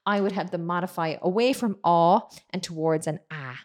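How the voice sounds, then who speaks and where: A woman singing coach who explains vocal technique, then sings vowel drills to demonstrate. She teaches with lively enthusiasm. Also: lowish voice, moderate pace. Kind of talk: vocal lesson with sung demonstrations.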